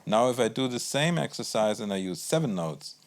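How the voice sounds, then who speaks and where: A man teaching a guitar lesson in a calm, explanatory way, counting beats aloud as he plays. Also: medium pitch, a little fast. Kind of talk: instructional music lesson.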